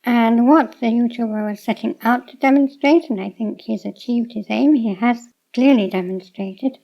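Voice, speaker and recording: A woman explaining Japanese pitch accent to learners in a measured, reasoned way. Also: vocal fry. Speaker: language teacher. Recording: dull lo-fi sound.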